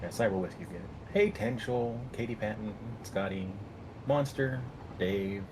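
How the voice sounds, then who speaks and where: A man's voice: fairly low pitch, normal speed, noisy background. A man chatting while playing a game with a friend, laid-back and a little hesitant. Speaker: co-player. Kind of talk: casual gaming chat. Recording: game sounds under voice.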